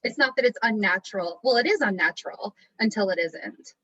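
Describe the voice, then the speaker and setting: Measured woman explaining, lo-fi sound. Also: medium pitch, expressive, pushed and bright. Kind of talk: training session talk.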